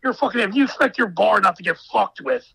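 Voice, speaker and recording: A man's voice: high voice, fast talker, vocal fry, bright, forceful tone, husky, no echo, poor audio. A man talking as a podcast guest, ranting emphatically in casual, profane chat.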